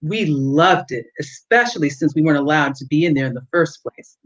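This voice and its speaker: A woman author reading her own novel aloud on a livestream, with steady, expressive storytelling. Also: deep voice, a little fast. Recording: dull lo-fi audio.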